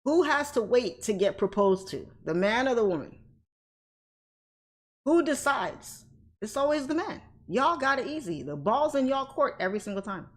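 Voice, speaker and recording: A woman's voice: a little high, sing-song, brisk, few pauses. A woman hosting a casual livestream off camera, talking bluntly and outspokenly, often breaking into laughter. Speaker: livestream host, trading educator. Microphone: off camera, desk mic.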